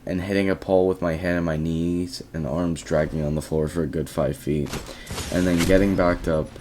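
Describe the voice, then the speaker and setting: A man's voice: low-pitched, steady tone, normal speed, a little mellow, a little hiss or hum. A teenage boy casually telling a rambling story about his day, often quoting himself and restarting his sentences. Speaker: vlogger.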